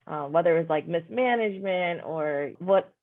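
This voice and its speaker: A woman with a fairly low voice hosts a conversational podcast interview at a moderate pace, sounding reflective and affirming and often saying "you know". The recording has a narrow, phone-like sound.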